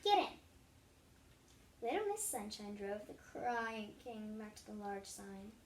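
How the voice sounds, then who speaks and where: A woman reading a children's story aloud in a gentle, expressive way, recorded in a roomy space. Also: mid-range voice, measured pace, slight background noise. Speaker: storybook reader. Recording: roomy echo.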